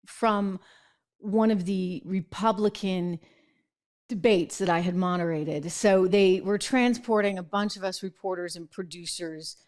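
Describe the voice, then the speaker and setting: A woman's voice: fairly low pitch, measured pace, darkish tone. A middle-aged woman host chatting and telling a story in casual commentary. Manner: chatty storytelling with fillers and laughs.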